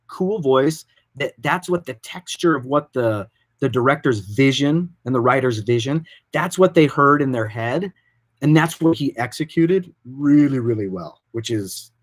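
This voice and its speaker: Male production director, informal and animated, average pitch, telling studio stories. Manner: informal, animated, loose and rambling. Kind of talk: casual explanatory talk.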